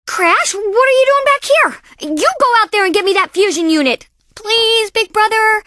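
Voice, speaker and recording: A woman voicing a young bandicoot girl in a cartoon video game, an eager, bratty little mechanic with a high, excitable voice. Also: moderate pace, dry recording, studio quality, full character voice. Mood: pleading.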